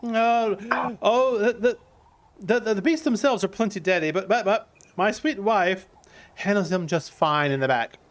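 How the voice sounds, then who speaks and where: A man's voice: sits high, moderate pace, pitched above the performer's own voice, lightly acted. A man voicing a friendly, flustered male cheese trader with a frosty beard, stammering eagerly in a tabletop game.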